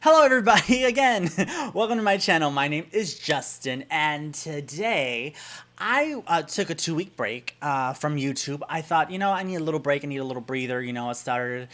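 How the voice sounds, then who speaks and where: A man's voice: on the high side, moderate pace. Chatty, exasperated man from Germany. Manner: chatty and animated, with exasperated pet-peeve ranting. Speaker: YouTuber. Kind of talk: casual vlog lesson.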